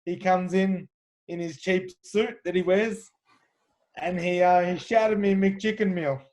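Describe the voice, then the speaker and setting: In this lively storytelling interview, the Australian kickboxer speaks in a high, darkish voice, keeping his tone steady and his pace measured. He recounts his fights with confidence, chatting freely and often restarting or adding fillers.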